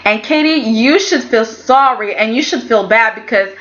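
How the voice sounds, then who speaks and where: A woman's voice: a little high, moderate pace, a bit bright, muffled recording. A woman casually reviewing a soap opera episode, chatty and opinionated, often acting out what the characters said. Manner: chatty and opinionated, acts out quotes in voices. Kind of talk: casual chat.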